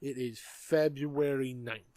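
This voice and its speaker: A man's voice: mid-range voice, fairly even intonation, takes it slowly, a little mellow, dry recording. A man co-hosting a podcast in casual political chat, blunt and profane, often stumbling over repeated words. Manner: blunt, profane, stammers on restarts. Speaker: podcast co-host.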